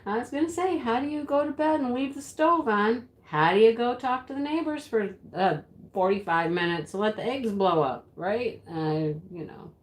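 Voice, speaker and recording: A woman's voice: on the high side, expressive, normal speed, few pauses, natural voice. A woman playing a giggly, rambling livestream crafter. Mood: chatty rambling. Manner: rambling, giggles often, easily flustered. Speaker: home craft livestream host. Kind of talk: sketch comedy character acting. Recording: roomy echo.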